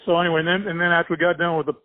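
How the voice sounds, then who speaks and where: An older man being interviewed, telling a family memory in a halting, rambling way with many restarts and small chuckles. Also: on the high side, little pitch movement, dry recording. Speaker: interviewee, former swimmer and coach. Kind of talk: casual spoken recollection. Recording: tinny phone-like dry sound.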